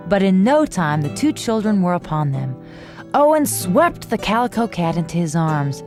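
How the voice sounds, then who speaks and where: A woman reading a bedtime story aloud to children in an expressive, lively way. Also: medium pitch.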